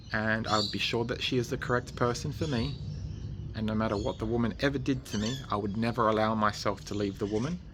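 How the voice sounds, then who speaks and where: Man speaking slowly and deliberately outdoors. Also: on the low side, noisy background. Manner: slow, deliberate and repetitive. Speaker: livestreaming vlogger. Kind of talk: personal monologue. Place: outdoors at the front of his house.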